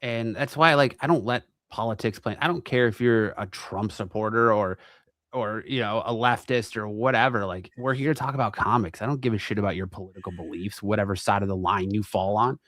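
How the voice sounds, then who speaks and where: A man's voice: on the low side, a little fast, a bit bright, no room sound. A man from Arizona, a guest on a talk show, rambling crudely and mocking himself. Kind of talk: casual chat.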